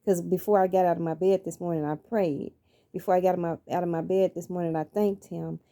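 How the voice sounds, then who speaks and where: A woman's voice: fairly low pitch, fairly even intonation, a little fast, dark tone. A middle-aged woman, telling her life story in an earnest, preacherly way and repeating phrases for emphasis. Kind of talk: personal motivational monologue.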